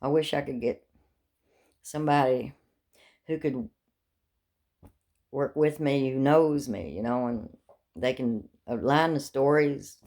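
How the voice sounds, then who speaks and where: Taking it slowly and pausing often, a middle-aged woman with a very deep, slightly mellow voice rambles through her life stories. The chatty vlogger tells morbid jokes and laughs frequently.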